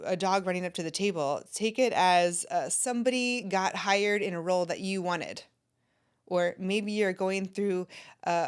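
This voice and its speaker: Brief: animated woman life coach hosting her own podcast, conversational and direct. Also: medium pitch. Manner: animated, conversational, talks to the listener. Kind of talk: solo podcast teaching.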